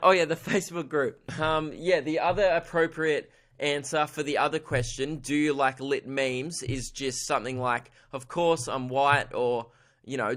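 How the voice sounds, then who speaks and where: A man's voice: mid-range voice, fairly bright tone. A man with an Australian accent hosting his own comedy podcast, rambling irreverently and laughing at his own jokes. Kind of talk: solo comedy podcast monologue.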